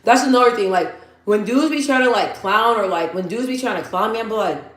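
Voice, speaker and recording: A woman's voice: mid-range voice, brisk, a bit bright. Chatty woman telling stories in an echoey room. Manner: chatty storytelling, repeats phrases for emphasis; reads out viewer comments. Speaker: livestream host. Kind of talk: casual live chat. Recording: roomy echo.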